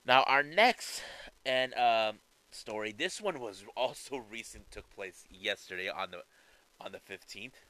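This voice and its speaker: Animated, bright-voiced man commentating on wrestling. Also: mid-range voice, a little slow, low-quality recording. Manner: animated, conversational, fillers and restarts. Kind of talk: casual commentary.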